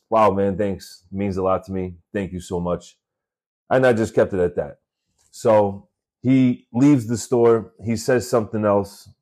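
A man with a very low voice hosts his own podcast, telling stories about his work week. He talks in a relaxed, chatty way and swears freely. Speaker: podcast host. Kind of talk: casual storytelling monologue. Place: working in New York City.

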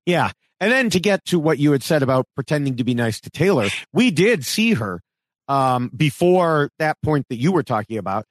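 A man co-hosting a podcast, chatting casually and growing animated when he quotes other people. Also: a little high, normal speed, dry recording. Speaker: podcast co-host.

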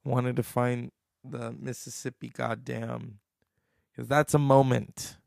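A man hosting, giving halting, enthusiastic commentary after a played clip. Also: mid-range voice, level tone, creaky, a little mellow, dry recording, studio quality. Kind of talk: casual commentary.

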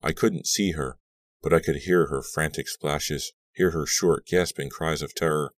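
A man narrating a horror audiobook in a measured, tense reading. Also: a bass voice, steady tone, no echo, clean studio sound.

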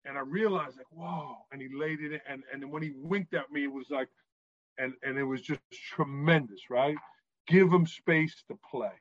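Animated man telling stories. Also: a little high, moderate pace, no echo, lo-fi sound. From New York. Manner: animated storyteller, often asks "right?". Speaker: guest, author and former referee. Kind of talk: storytelling in a podcast interview.

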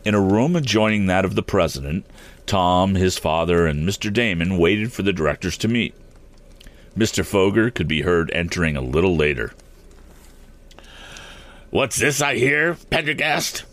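A man reading a classic novel aloud as host of a story show, calm with occasional stumbles. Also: sits low, moderate pace.

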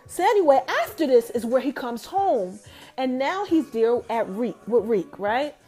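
A young adult woman casually recapping a TV episode, telling it in an animated way and talking straight to her viewers. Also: fairly high pitch, a little slow, slightly rough, soft background music.

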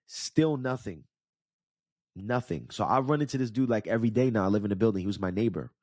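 Speaking at a racing clip, a thirty-something man with a New York area accent uses a lowish, husky, darkish voice. The recording is dry and studio-clean. A podcast host and life coach from New York/New Jersey, he delivers a casual storytelling monologue, recounting something personal in a candid, conversational way while checking in with whoever's listening.

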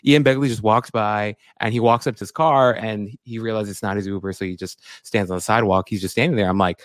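A man's voice: fairly low pitch, fast talker, dry recording. Podcast guy going on and on, super hyped, says like and bro a lot, dry close mic. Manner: excitable, rambling, frequent "like" and "bro". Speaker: podcast co-host. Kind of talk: casual sports podcast chat.

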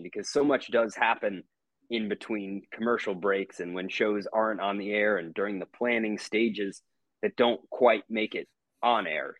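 A man's voice: on the low side, fairly bright tone, no room sound, muffled recording. A man co-hosting a podcast, talking in an easygoing, rambling way with filler words. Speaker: podcast co-host. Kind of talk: casual podcast chat.

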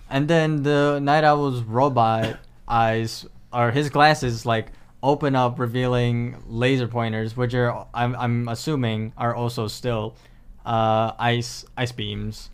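Eager young male co-host, smooth-voiced, quick to jump in with jokes and ideas. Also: medium pitch. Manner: excitable, jumps in with theories and jokes. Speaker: podcast co-host. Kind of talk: casual chat recapping an episode.

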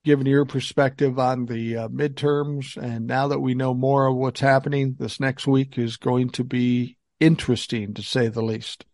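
An older man hosting a podcast, telling stories in a lively, animated way, acting out voices and swearing casually. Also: medium pitch, moderate pace, few pauses, dry recording. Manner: animated storyteller, acts out quoted voices, swears. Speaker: podcast host. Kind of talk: casual chat.

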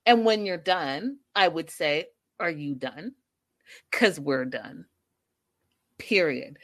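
A woman hosting a casual live stream, recapping a reality show in an animated, emphatic, sassy way. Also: sits low, takes it slowly. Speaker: livestream host recapping reality TV.

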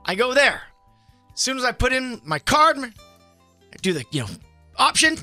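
A man co-hosting a morning radio show, telling a story in an animated way and acting out his own shouting. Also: very high voice, unhurried, long pauses, faint music behind. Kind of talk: casual radio banter.

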